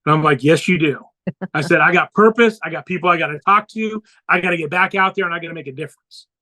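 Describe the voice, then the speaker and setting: A man with a high, bright voice tells a personal story as a podcast guest. He speaks earnestly and slips into the voices of the people he quotes. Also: fast, low-quality recording.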